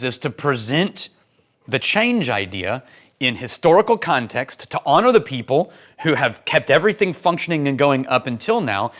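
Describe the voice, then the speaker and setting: A man hosting a casual whisky tasting vlog and giving advice. He is animated and opinionated, laughs often, and rushes through his asides. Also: medium pitch. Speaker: whisky reviewer and host.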